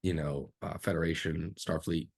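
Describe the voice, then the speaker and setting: A man, a film director, telling animated behind-the-scenes stories in a casual interview, jumping up in pitch when he acts out disbelief. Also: moderate pace, vocal fry, breathy edge. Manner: animated storyteller, swings up sharply in pitch for incredulous reactions.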